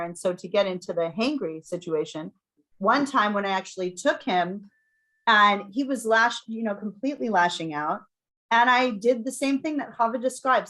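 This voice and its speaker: A middle-aged woman sharing a parenting story on a podcast, in a voice that sits at an everyday middle pitch. She talks casually and reflectively, laughs often, and sinks into quiet, soothing asides. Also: rough recording. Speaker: podcast co-host.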